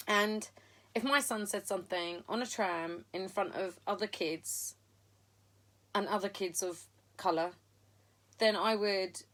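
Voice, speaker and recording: Middle-aged woman, live-stream diarist, blunt and a little sweary, loose storytelling delivery at an ordinary pitch. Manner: frank and sweary, talks in loose run-on sentences with many ums. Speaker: video diarist.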